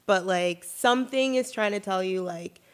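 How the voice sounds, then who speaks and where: A young woman in her twenties co-hosting a casual chat, talking quickly with lots of "like" fillers. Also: medium pitch, clean tone. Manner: chatty, many "like" fillers, animated. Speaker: co-host.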